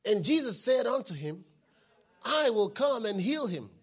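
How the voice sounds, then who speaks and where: A man preaching a sermon, reading scripture aloud and building to shouted declarations. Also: extremely high pitch, very animated, measured pace, slightly rough. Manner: Bible reading with call-and-response, rising to shouted declarations.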